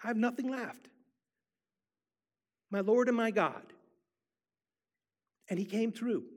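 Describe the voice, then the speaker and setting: A man preaching a sermon, telling a personal story with emphatic repetition. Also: sits high. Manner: emphatic storyteller, repeats for effect.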